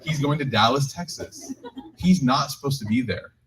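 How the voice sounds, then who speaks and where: A man's voice: mid-range voice, background noise. A man, an imam, telling a joking story to a live community group and then leading a closing prayer. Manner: animated, joking storyteller who shifts into slow closing prayer. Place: community gathering room with listeners.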